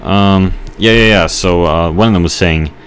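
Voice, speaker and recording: A man giving rambling let's play commentary, telling a halting story with mock outrage while he plays. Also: low voice, a little hiss or hum. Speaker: gamer.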